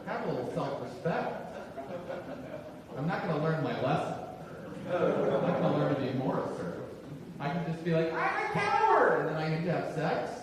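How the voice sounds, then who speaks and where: A man's voice: fairly high pitch, normal speed, long pauses. A man doing a stand-up comedy set on a theater stage, self-deprecating, acting out the people in his stories. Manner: self-deprecating, acts out shouted quotes. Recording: roomy hall from a distance, noisy. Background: audience laughter.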